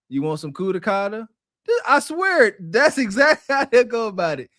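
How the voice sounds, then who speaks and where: A man co-hosts a reaction podcast in a high, light voice. He chuckles through mocking remarks and rallying calls. The recording is dry with no room sound. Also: big pitch swings, normal speed, a bit bright, no room sound. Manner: laughing, mocking commentary. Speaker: co-host reacting to a clip. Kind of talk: casual podcast reaction chat.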